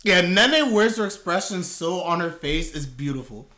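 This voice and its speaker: A man's voice: high voice, animated, normal speed, bright, forceful tone. Slangy young man reacting to anime. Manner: reacts aloud in bursts, slangy, laughing and teasing. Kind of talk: casual live reaction commentary.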